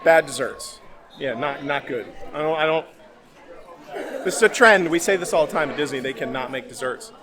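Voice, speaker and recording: A man's voice: on the high side, lively intonation, moderate pace, a crowd in the background. A man hosting a casual theme park food vlog, chatty and laughing often as he talks. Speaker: vlog host. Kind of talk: casual food review chat.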